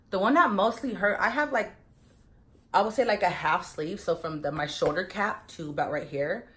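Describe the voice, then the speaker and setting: Chatty young woman with a low voice. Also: fairly bright tone. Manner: chatty, addresses viewers as you guys, many fillers. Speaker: vlogger. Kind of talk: casual get-to-know-me chat.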